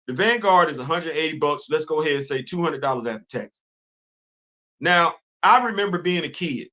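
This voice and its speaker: A middle-aged man hosting a casual solo livestream, animated, repeating himself and quizzing himself in asides. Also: high voice, fairly quick. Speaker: host. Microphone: livestream studio setup.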